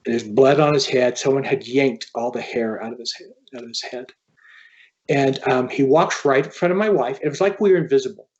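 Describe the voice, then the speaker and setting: An author telling a personal story as a podcast guest, in an earnest, halting way. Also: male voice, mid-range voice, lo-fi sound. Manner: earnest, halting, quoting others as he tells a story.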